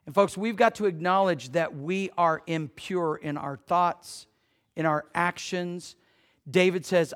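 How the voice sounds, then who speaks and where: A middle-aged man preaching a sermon as pastor, telling a personal story in a hushed voice and then building to emphatic preaching. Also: high-pitched, a little slow.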